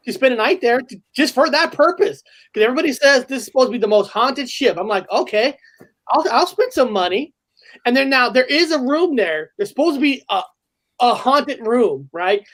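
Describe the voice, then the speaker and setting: A man's voice: extremely high pitch, lively intonation, a little fast, a bit bright. A man talking casually and frankly in a podcast chat about family trips.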